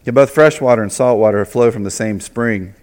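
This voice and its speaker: A male pastor delivers a sermon in a chatty, animated style, slipping into playful asides along the way. His voice sits at an ordinary male pitch. It rings out with a long reverb, as if he is in a large church sanctuary. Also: a little fast. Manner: conversational, animated preaching with acted asides.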